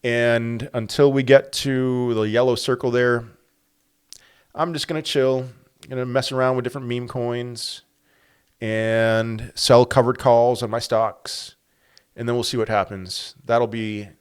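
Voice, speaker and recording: With a smooth, medium-pitched voice and a measured pace, a male crypto host gives animated market commentary. He keeps it conversational and keeps posing rhetorical questions.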